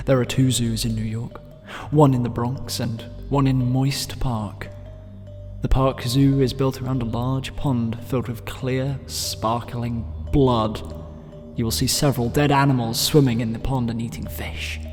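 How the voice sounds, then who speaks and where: A man's voice: medium pitch, a little mellow. A man reads horror spoofs in a mock-spooky storytelling voice, hamming up the creepy bits. His mid-range voice rings in a long reverb. Faint music plays underneath. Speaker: gaming YouTuber. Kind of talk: comedic dramatic reading.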